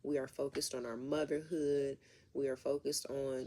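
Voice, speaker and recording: A woman's voice: a bass voice, fairly even intonation, moderate pace, warm tone, slight background noise. A woman doing a casual tarot reading who rambles and talks straight to her viewers. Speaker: tarot reader.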